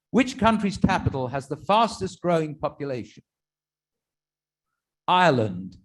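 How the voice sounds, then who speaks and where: A man telling a string of jokes to his congregation as a rabbi, with chatty, self-deprecating asides between punchlines. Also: fairly high pitch. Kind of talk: stand-up joke telling to a congregation.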